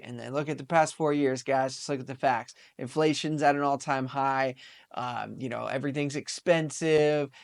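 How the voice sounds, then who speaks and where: A man in his thirties hosting a casual opinion talk show, excitable and upbeat, often laughing. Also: mid-range voice. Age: 30s. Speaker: podcast host.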